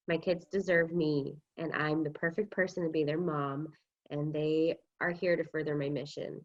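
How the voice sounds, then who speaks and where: Low-voiced woman on a dull call line. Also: fairly even intonation, measured pace, fairly bright tone. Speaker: participant in a coaching session. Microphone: video call.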